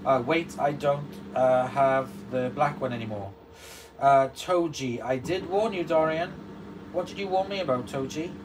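A man's voice: on the high side, unhurried. A man hosting a casual livestream, reading out viewer comments and answering them beside a running washing machine. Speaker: livestream host. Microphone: distant mic. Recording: distant mic with steady background noise.

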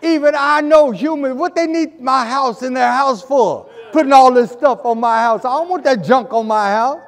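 A man's voice: extremely high pitch, normal speed, long reverb tail, pitched above the performer's own voice. A man voicing a confused, indignant male owl who complains in incredulous questions.

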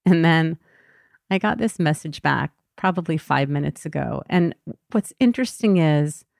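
A woman's voice: low voice, expressive, moderate pace, gravelly, a little mellow, no room sound, clean studio sound. A woman therapist hosting her podcast, talking candidly and vulnerably in a personal monologue. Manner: candid, vulnerable, emotionally raw.

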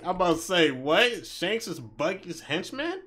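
A man's voice: sits high, very animated, unhurried, a crowd in the background. A young man giving casual, slangy reaction commentary while watching an anime, full of exclamations and laughter. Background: anime audio playing.

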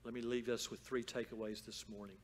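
A man preaching a sermon as pastor in a church, moving from calm storytelling to loud, fervent exhortation. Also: medium pitch, a little fast, slight background noise. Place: church sanctuary.

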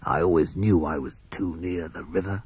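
A man's voice: low voice, moderate pace, a little mellow, breathy edge, no room sound. A man voicing a sly villainous male snake in a storybook, hissing and muttering. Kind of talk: storybook character voice.

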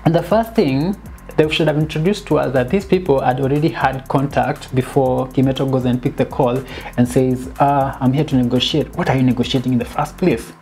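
A woman giving a casual, animated film critique, dropping in bits of Swahili slang and sounding exasperated. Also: very deep voice, a little fast, faint music behind. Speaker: film reviewer.

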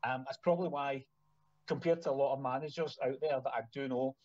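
A man's voice: mid-range voice, fairly even intonation, a little fast, darkish tone, dry recording, dull audio. A Scottish man, a band manager, telling rambling stories in a casual podcast chat, full of fillers and restarts. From Scotland. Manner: rambling storyteller with many fillers.

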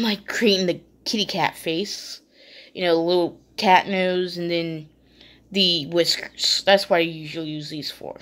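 Slow, rambling woman showing beauty products. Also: fairly low pitch. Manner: rambling, halting, full of fillers and restarts. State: sleepy, still waking up. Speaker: beauty vlogger. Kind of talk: casual unboxing chat.

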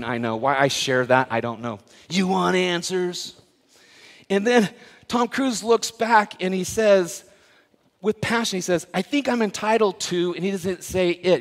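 A man preaching to his congregation, retelling a story with animated, joking asides. His voice sits slightly high. It carries a long reverb from the church's worship hall. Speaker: pastor. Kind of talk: sermon.

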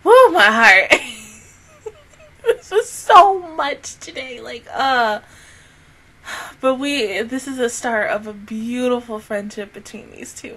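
A woman's voice: fairly high pitch, lively intonation, slow, sharp tone. A young woman hosting an anime reaction vlog, gushing and exclamatory, cursing freely and swinging between laughs and near tears. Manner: casual, swears freely. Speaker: anime reaction channel host.

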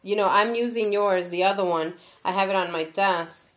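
A woman's voice: medium pitch, normal speed, a bit bright. A woman vlogging as she opens a gift, gushing and exclaiming over each item in a casual chat. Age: adult, has a daughter. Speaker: crafting vlogger opening a gift.

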